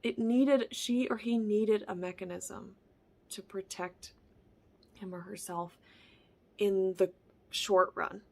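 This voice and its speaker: This is a woman speaking straight to camera in an earnest, reflective monologue, her mid-range voice carrying a gravelly fry. She often drops to a soft whisper and loops back over her own words as she works through a thought. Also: medium pitch, steady tone, slow, pauses often. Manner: repeats and restarts phrases. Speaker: wellness vlogger.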